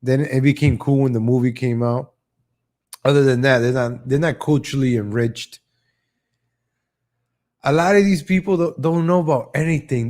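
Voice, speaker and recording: Medium pitch, a slightly mellow quality: that's this man's voice. Hosting a live online show, he rants with casual sarcasm, frequently repeats the words he opens with, and mocks others in exaggerated voices. He's opinionated and drifts from topic to topic.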